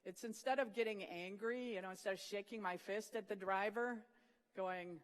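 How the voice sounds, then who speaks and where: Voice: mid-range voice, fairly even intonation, moderate pace. Earnest preacher in a reverberant hall. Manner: earnest, retelling scripture vividly, dropping soft for emphasis. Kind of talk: sermon. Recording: long reverb of a large hall.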